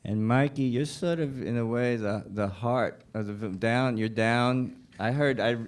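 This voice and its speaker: A man moderating a festival panel, asking questions in halting, restarting phrases. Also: mid-range voice, smooth. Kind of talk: panel interview.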